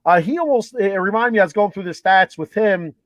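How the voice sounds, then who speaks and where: A man's voice: high-pitched, lively intonation, fairly quick, dry recording. A man co-hosting a casual sports talk show, chatty, with lots of restarts and filler words. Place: home room, with a TV playing a ballgame behind. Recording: dull, dry lo-fi audio.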